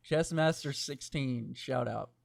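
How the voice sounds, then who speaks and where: A man's voice: mid-range voice, slow pace, gravelly, dry recording. Rambling, profane podcast co-host, a man. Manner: rambling, profane, laughs often. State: deep, crackly morning voice. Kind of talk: casual chat.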